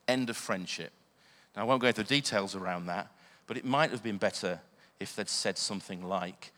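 A man's voice: fairly low pitch, brisk, bright, forceful tone. Earnest preacher man in a reverberant hall. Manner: earnest, asks the listeners questions. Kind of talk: sermon.

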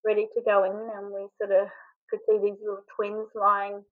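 A woman from Australia telling a personal story in an interview, halting and often choked up with emotion. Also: medium pitch, completely flat delivery, narrow, tinny audio. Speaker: interview guest.

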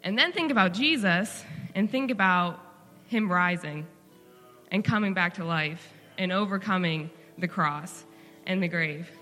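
A woman's voice: fairly low pitch, measured pace, sharp tone, in a large hall, soft background music. A woman speaking earnestly and encouragingly at a church service. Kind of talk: devotional exhortation.

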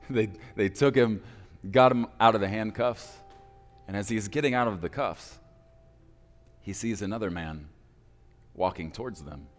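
Deep-voiced male preacher telling a story. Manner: dramatic pauses, slowing for emphasis. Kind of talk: sermon storytelling. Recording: reverberant hall with faint music.

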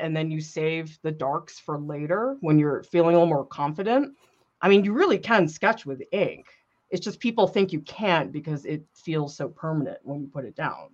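A woman in casual chat while painting, animated and giggly, talking about her work. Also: fairly low pitch, dull audio. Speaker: co-host.

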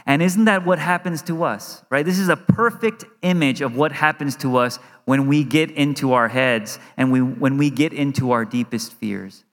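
Male pastor, thirties, middle-register voice, conversational sermon with quick acted-out asides; church hall with long reverb. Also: medium pitch, fairly bright tone. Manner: earnest, acts out inner worries in quick asides. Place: church sanctuary.

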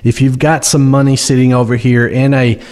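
A man's voice: medium pitch, flat delivery, fairly quick, darkish tone. A man with a Tennessee accent, a financial advisor on a radio show, explaining in an easygoing, agreeable way with fillers. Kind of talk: casual radio talk show chat.

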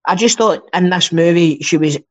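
In dull lo-fi audio, a Scottish man co-hosting a podcast chats loosely, rambling and swearing a lot. His fairly high voice moves at a moderate pace.

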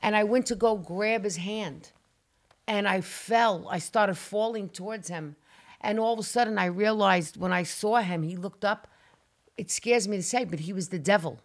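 A woman telling a frightening personal story on a casual talk show, animated and dramatic, acting out her own cries and swearing as she goes. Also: mid-range voice, moderate pace.

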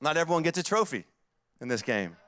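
High-voiced Southern pastor, dry sound. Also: male voice, very animated, fast, fairly bright tone, clean tone, no echo. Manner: emphatic, repeats phrases in rising builds. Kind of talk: sermon.

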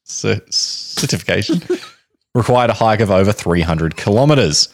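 A man's voice: lowish voice, lively intonation, moderate pace. A man hosting a podcast, casually telling a story to his co-hosts with frequent laughs and teasing. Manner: chatty, laughs often, teasing.

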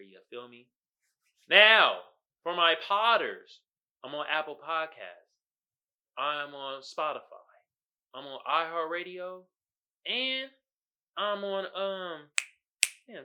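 Slow-paced and pausing often, this podcast host has a fairly high, clear, resonant voice. He's animated and full of jokes in his casual chat, speaking directly to listeners he addresses as "y'all."

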